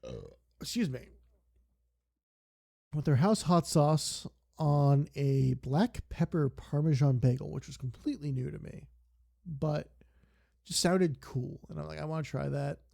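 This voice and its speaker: A young man chats casually while streaming a game. He rambles and sidetracks constantly, and his slightly high voice has a gravelly, mellow edge. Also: measured pace, long pauses. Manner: rambling, digressive storytelling.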